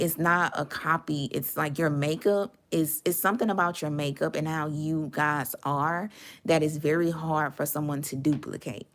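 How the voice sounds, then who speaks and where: A woman giving a casual, sassy tarot reading to her viewers, chatty and full of slang. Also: low-pitched. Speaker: tarot reader.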